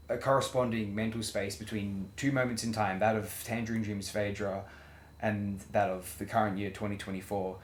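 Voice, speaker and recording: A man co-hosting a casual music review chat, halting and searching for words with many fillers. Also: on the low side. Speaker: podcast co-host. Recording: roomy sound with faint ambient noise.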